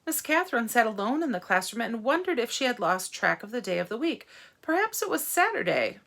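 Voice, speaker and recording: A woman reads a novel aloud to children. She stops to ask them gentle, teacherly questions. Her voice is bright and clear. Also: a little high, very animated, brisk. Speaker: read-aloud narrator for children.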